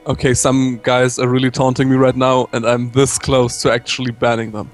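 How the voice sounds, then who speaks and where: A man's voice: mid-range voice, completely flat delivery, normal speed, faint music behind. A man co-hosting a game stream, teasing with dry jokes. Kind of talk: casual stream banter.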